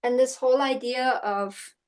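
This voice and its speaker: A middle-aged woman teaching an online horsemanship course in a casual, storytelling way, often checking in with "right?" and acting out quotes in lively voices. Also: high-pitched, unhurried. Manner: chatty storytelling, frequent "right?" tag questions; acts out quotes in animated voices. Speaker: horsemanship instructor.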